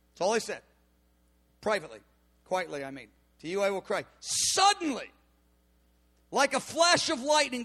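A man preaching, telling a personal story, dropping quiet then bursting into shouts. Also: extremely high pitch. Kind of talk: sermon testimony.

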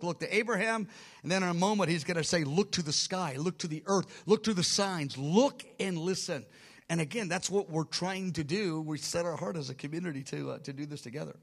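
A man's voice: fairly high pitch, a little fast, fairly bright tone. A man teaching through a Bible book chapter by chapter, emphatic and repeating key words for stress.

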